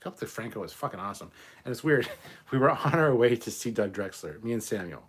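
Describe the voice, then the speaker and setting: A man's voice: mid-range voice, expressive, quick pace, breathy edge. A man hosting a live stream, drinking rum and reading viewer comments in casual chat, swearing freely as he rambles through stories. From Canada.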